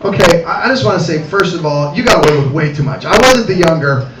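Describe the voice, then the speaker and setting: A middle-aged man performing animated stand-up comedy at a cafe comedy night, talking to the audience. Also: a little high, quick pace. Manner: animated, acts out voices, addresses the audience. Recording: roomy, distant mic, loud background noise.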